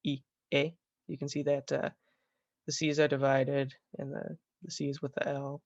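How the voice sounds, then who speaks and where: A man walks through a slide lesson, stopping often to correct himself. His voice sits a little high and stays flat, with little rise and fall. The sound is dry and dull, as if from a simple home setup. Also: vocal fry, no room sound. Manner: halting, self-correcting explanation with fillers. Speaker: Latin teacher.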